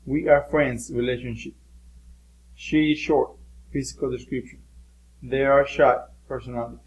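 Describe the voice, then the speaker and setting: A man's voice: medium pitch, a little mellow, dull audio. A man teaching a lesson, explaining patiently with occasional fillers. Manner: explains patiently with fillers, switching between English and Spanish. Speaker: Spanish teacher. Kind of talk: recorded classroom lesson.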